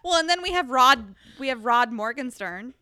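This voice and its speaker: A woman co-hosting a casual book podcast, chatty and quick to laugh. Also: high-pitched, expressive, sharp tone. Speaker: podcast co-host. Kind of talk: casual book-club chat.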